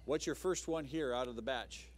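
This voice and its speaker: A man's voice: mid-range voice, moderate pace, slight background noise. A man hosting a live local TV talk show in a studio, chatty and upbeat with loose, rambling asides.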